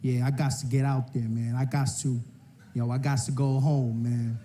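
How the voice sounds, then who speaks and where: A man voicing a brash, excitable male comedian who stammers and talks in slang. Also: mid-range voice, moderate pace, slight background noise, natural voice. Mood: earnest.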